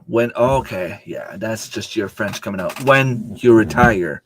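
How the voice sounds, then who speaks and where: A man's voice: lowish voice, unhurried, a little hiss or hum. A man hosting a casual livestream, rambling along and answering viewers' chat comments with plenty of ums and uhs. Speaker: livestream host.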